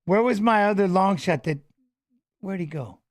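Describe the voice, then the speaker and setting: High-voiced man rambling fight commentary. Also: animated, moderate pace. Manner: rambling, profane, restarts and fillers. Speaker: fight watch-along co-host. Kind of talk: casual live fight commentary and storytelling.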